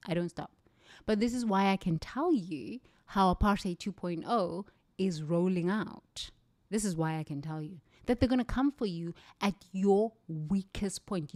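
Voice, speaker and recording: A middle-aged woman with a South African accent, a native Zulu speaker, talks with fierce conviction and hammers her points home by repeating them. Her voice sits fairly low, and the recording is close and dry with no room sound. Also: darkish tone, no room sound. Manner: intense, emphatic, repeats phrases for weight. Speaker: livestream speaker. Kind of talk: impassioned motivational talk.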